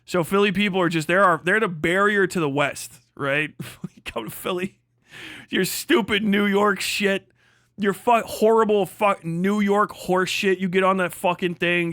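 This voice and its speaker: A man's voice: high-pitched, fairly bright tone, smooth, no room sound, clean studio sound. Crude, sarcastic young streamer man. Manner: crude, sarcastic, laughs often, answers chat. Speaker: livestream host. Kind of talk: profane ranting stream chat.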